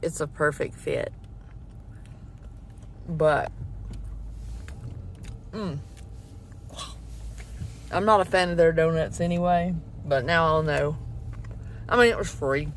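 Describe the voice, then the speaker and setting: A low-pitched woman talks slowly in a relaxed, rambling vlog. She chats casually and leans on filler words. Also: slight background noise. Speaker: vlogger. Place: parked car in a parking deck; at home in a recliner.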